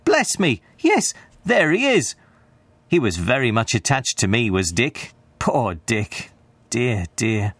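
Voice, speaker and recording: A man voicing an old male miser, exclaiming with excitement. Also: mid-range voice, takes it slowly, no echo, full character voice. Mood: excited.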